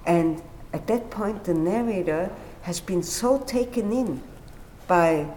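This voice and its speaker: A woman's voice: fairly low pitch, lively intonation, slow pace, warm tone, a little hiss or hum, poor audio. A woman explaining a story in a thoughtful conversational way. She searches for words, often says "you know", and acts out quoted lines with animation. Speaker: guest speaker on literature.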